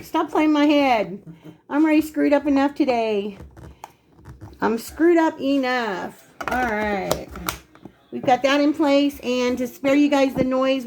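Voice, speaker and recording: A woman's voice: on the high side, slight background noise. Chatty woman hosting a home cooking vlog. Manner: chatty, laughing, self-teasing. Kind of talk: casual cooking demonstration. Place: home kitchen.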